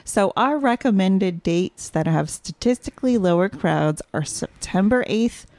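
A woman's voice: mid-range voice, lively intonation, unhurried, darkish tone, no room sound. A woman co-hosting a podcast in casual chat, upbeat and often laughing. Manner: chatty, giggly, upbeat. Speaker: podcast co-host.

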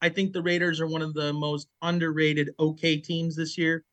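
A man's voice: a little high, level tone, normal speed, fairly bright tone, no echo. A man co-hosting a casual sports podcast, confident and decisive as he gives his picks. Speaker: podcast co-host.

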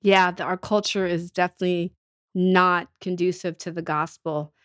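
A woman's voice: fairly low pitch, fairly even intonation, normal speed, a bit bright, dry recording, studio quality. A woman with a cold, telling earnest stories as a ministry leader in a casual podcast chat. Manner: earnest storytelling with restarts. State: has a cold.

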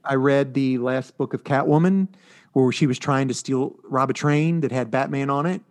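A man's voice: mid-range voice, normal speed, a little mellow. A man co-hosting a podcast, chatting casually and rambling through stories with lots of fillers. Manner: rambling, filler-heavy storytelling. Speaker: podcast co-host reviewing comics. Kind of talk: casual chat.

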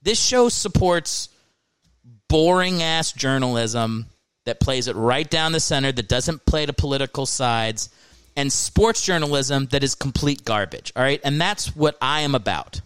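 A man's voice: mid-range voice, expressive, a little slow, a bit bright, clean tone, no echo. A male comedian riffing on his podcast in a loose, profane, rambling way, now and then slipping into mocking voices. His voice sits in a middle register and sounds close and dry, with no room around it. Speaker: podcast host.

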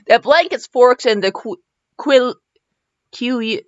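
Brief: high, very animated woman host, giggly rambler reading fanfic, dull lo-fi mic. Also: takes it slowly, pauses often, smooth, dry recording. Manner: giggly, rambling, self-mocking asides. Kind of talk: comedic commentary and story reading.

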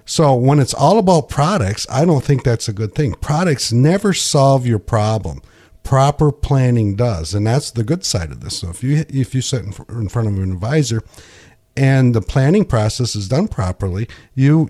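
A middle-aged man speaks as a financial coach on a radio talk show. He explains in a conversational way and often restarts his phrases. His voice is mellow and warm. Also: mid-range voice, expressive, moderate pace.

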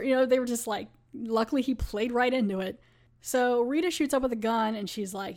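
A woman's voice: a little high, a little fast, a little mellow. A woman podcast host casually recapping a TV episode in a chatty way, with lots of "like".

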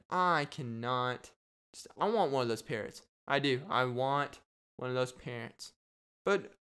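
A young man talks through his own solo podcast, jumping from joke to joke and laughing at his own lines. His voice is smooth and clean, sitting at an ordinary middle pitch. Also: fairly bright tone. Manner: rambling and jokey, laughs at his own bits. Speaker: podcast host. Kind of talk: casual solo podcast monologue.

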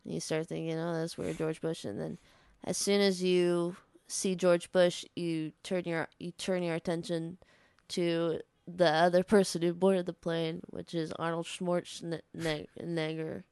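A woman with a low, gravelly yet smooth voice hosts a comedy podcast. She rambles through an improvised story, filling it with "like"s. The sound is dry and close. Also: level tone, unhurried, hardly any pauses, a little mellow, dry recording. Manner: rambling, heavy use of "like".

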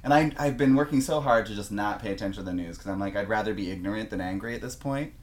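A man co-hosting a podcast, telling a story in casual chat, animated and laughing a lot as he talks. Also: lowish voice, quick pace. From Canada. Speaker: podcast co-host.

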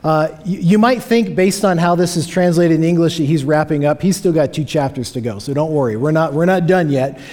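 A man's voice: a little high, a little fast, few pauses, darkish tone. A man preaching a sermon, earnest and emphatic, often repeating key phrases for weight. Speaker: pastor. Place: church sanctuary.

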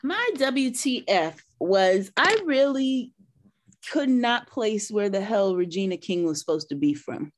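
A woman's voice: mid-range voice, lively intonation, measured pace. A woman in a casual movie-review chat, giving candid, thoughtful opinions. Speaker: podcast co-host.

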